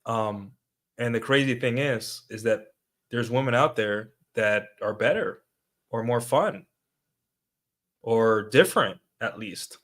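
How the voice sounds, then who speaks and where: A man's voice: mid-range voice, slow pace, fairly bright tone. A young man giving casual livestream commentary, talking to his viewers with lots of fillers and tag questions. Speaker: streamer.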